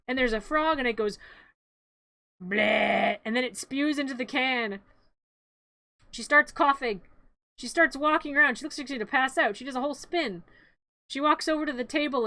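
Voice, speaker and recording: A woman's voice: sits high, bright, forceful tone, no room sound. A woman streamer narrating a cartoon in a playful, rambling, giggly way, often correcting herself.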